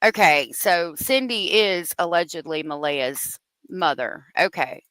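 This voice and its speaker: A woman's voice: on the low side, lively intonation, measured pace, fairly bright tone, clear, resonant tone, dry recording. A woman hosting a casual true-crime commentary, chatty and thinking aloud as she works through the details. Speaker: host.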